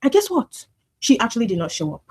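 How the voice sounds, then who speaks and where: A woman giving casual commentary on a reality show in an animated, repetitive, gossipy way. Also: a little high, quick pace, slightly rough.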